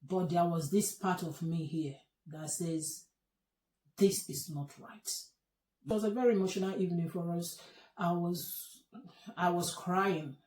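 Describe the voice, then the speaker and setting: Soft-spoken woman telling a personal story. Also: steady tone. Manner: emotional, halting, drops to soft low tones. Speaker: host telling her own story. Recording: echoey room.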